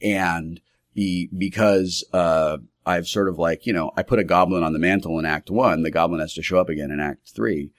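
Man, very low voice, rambling game master, dry close sound. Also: steady tone, moderate pace, no echo. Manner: rambling, many fillers and restarts. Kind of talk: casual storytelling monologue.

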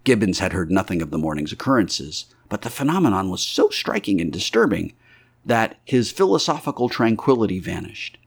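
A man reading a classic novel aloud as an audiobook narrator, in a measured, expressive way. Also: fairly low pitch, vocal fry, husky.

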